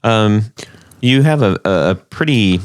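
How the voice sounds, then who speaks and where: A man's voice: on the low side, expressive, slow pace, clean tone, no room sound, studio quality. A man hosting a podcast interview, casual and jokey, rambling a little with plenty of fillers. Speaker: podcast host.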